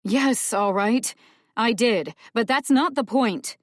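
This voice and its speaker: A woman's voice: on the high side, slow pace, no room sound, studio quality, pitched above the performer's own voice. A woman voicing an uptight older sister who scolds in a clipped, stern way in an audiobook. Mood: indignant.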